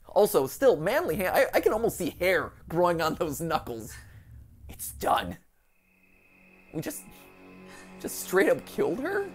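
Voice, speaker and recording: A woman hosting a let's play, jokey and excitable, laughing often and slipping into silly voices, over light background noise. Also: lowish voice, takes it slowly, pauses often, breathy edge. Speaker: host.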